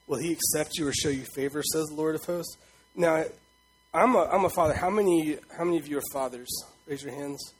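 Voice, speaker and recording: A young man delivers a casual, talky sermon to his congregation, asking them to raise hands between passages. His voice sits somewhat high for a man and has a husky, slightly breathy edge. He punches up the lines he speaks in God's voice. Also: rough recording. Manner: conversational preaching, asks the congregation questions, voices God emphatically. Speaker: pastor.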